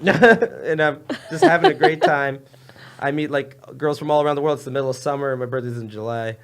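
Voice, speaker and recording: A man's voice: medium pitch, fairly quick. A young man telling a rambling story in casual podcast chat, laughing often and jumping between tangents. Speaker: comedian guest.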